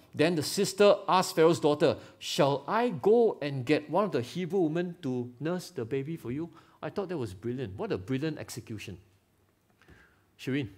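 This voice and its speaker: Animated Singaporean pastor preaching. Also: male voice, on the high side. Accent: Singaporean English. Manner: animated, rhetorical questions, teasing congregation members by name. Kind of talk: live sermon. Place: church hall.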